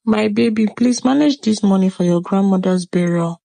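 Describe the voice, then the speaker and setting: A woman's voice: medium pitch, normal speed, gravelly, dark tone, dry recording, close to an everyday voice. A woman playing a young fiancée of a con man, talking with emotional, pleading urgency. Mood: comforting. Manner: emotional, pleading then scolding. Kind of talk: comedy skit acting.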